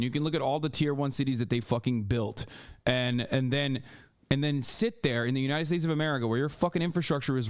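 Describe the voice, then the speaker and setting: A man hosting a live reaction stream, talking casually and breaking into heated, profane rants. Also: medium pitch. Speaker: streamer host.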